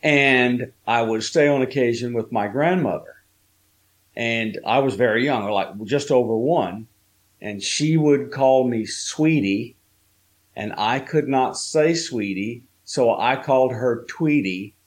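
A man, a guest on an interview show, slowly telling a personal story with many fillers and pauses. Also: medium pitch. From Southern United States. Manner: slow, halting storytelling with fillers.

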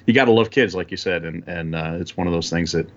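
Man, very low voice, muffled lo-fi sound, relaxed rambling guest. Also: quick pace. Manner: relaxed, rambling, frequent fillers. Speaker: guest photographer. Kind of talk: casual interview chat.

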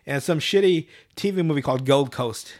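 A man hosting a casual podcast, recapping a cartoon episode with swearing, laughter and quick asides. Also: fairly high pitch, darkish tone. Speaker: podcast host.

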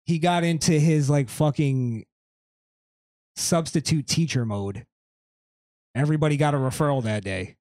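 A man's voice: on the high side, a little slow, long pauses. A man hosting a podcast in casual chat, ranting with lots of swearing. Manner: animated, profane ranting. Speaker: podcast host.

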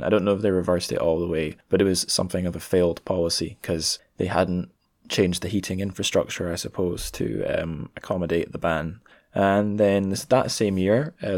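Low-voiced British man musing on a podcast. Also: darkish tone, no room sound, studio quality. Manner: thoughtful, meandering, many ums and restarts. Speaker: podcast host. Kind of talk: casual solo podcast monologue.

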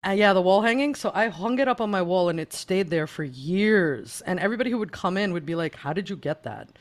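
A speaker raised in the United States, telling a story in a casual panel conversation and acting out the quoted dialogue with lively energy. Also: mid-range voice, fast talker. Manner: animated storyteller who acts out quoted dialogue.

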